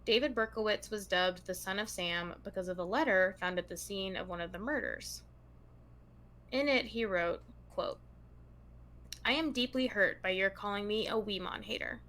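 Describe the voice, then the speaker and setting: A woman's voice: mid-range voice, moderate pace, fairly bright tone. A woman co-hosting a true crime podcast, reading long passages aloud to her co-host in a casual, chatty tone.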